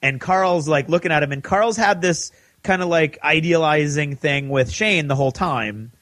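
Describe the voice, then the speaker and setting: A man co-hosting a podcast who gives an animated recap of a TV episode and acts out the characters' lines. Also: a little high, moderate pace, no echo. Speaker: podcast co-host.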